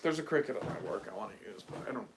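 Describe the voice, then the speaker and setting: Speaking very fast in a lowish voice, a young man from the US runs his own livestream over a very noisy recording. His chat is casual and rambling, animated and mocking, and packed with fillers.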